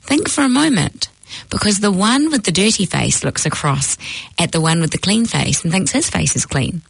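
A woman's voice: lowish voice, sing-song, moderate pace, vocal fry, slightly rough, dry recording, exaggerated voice, rough recording. A woman voicing a teasing old-world rabbi. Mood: instructive. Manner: didactic, posing riddles. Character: patient, teasing male rabbi teacher.

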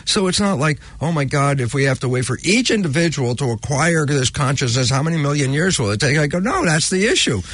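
A man as an interview guest, explaining in a lively conversational way and acting out his own past conversations. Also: fairly high pitch, brisk, few pauses. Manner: animated, acts out his own remembered conversations.

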